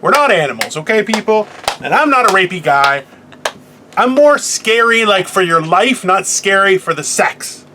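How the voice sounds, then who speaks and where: A man's voice: high-pitched, animated, moderate pace, noisy background. A man co-hosting a podcast in casual comedic chat, profane, boastful and self-mocking. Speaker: podcast co-host.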